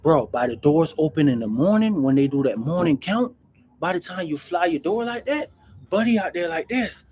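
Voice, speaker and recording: Male host, husky and slightly high-pitched, animated slangy storyteller talking to camera. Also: moderate pace. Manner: slangy, animated, peppers speech with "bro" and "man". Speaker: channel host recounting prison life.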